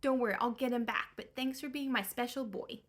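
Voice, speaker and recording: A woman's voice: on the high side, brisk, lightly acted. A woman voicing a dim, one-eyed male giant who dotes on his sheep, talking in a casual slangy way. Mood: cooing.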